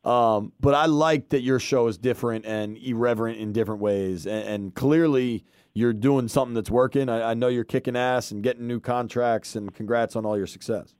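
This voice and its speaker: A man's voice: mid-range voice, steady tone, moderate pace, a little mellow, smooth, dry recording, studio quality. A man hosting a sports podcast, chatting in a friendly, laughing way and calling his guest dude. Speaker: podcast host. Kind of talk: casual podcast interview.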